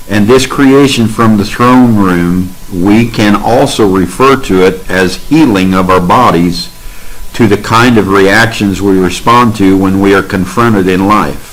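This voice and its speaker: A man's voice: on the low side, low-quality recording. A man giving a spiritual testimony and exhortation, emphatic and repeating affirmations in rhythmic lists. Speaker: speaker in a spiritual sharing session.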